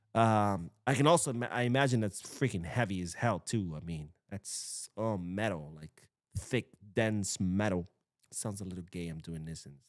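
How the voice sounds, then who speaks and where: A young man hosting a casual livestream, reading chat comments aloud and swearing freely in an animated way. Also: fairly low pitch, no room sound, clean studio sound. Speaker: livestream host. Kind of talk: casual live-stream chat.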